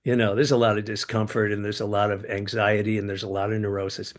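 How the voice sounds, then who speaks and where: Animated older man telling stories. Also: fast talker, hardly any pauses. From United States. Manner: animated storyteller, sudden jumps in pitch and loudness. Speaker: podcast guest. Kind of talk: casual storytelling interview.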